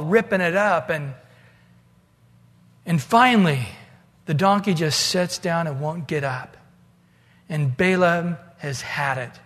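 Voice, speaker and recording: A man's voice: high voice, fairly bright tone. A man preaching a sermon, retelling a story casually and acting out the dialogue, with long hall reverb.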